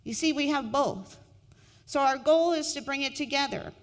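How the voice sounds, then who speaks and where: A middle-aged woman minister giving a sermon in a slow, reflective way, repeating key phrases. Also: sits high. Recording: long hall reverb.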